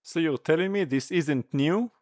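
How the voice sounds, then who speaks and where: A man voicing a curious male student who quietly poses questions to the teacher. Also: fairly high pitch, moderate pace, voice pushed up, close to an everyday voice. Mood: inquisitive.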